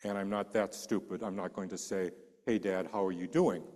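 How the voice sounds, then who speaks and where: A man preaching a sermon, telling a personal story with animated delivery and acting out the voices of the people in it. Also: low-pitched, normal speed, big-room sound.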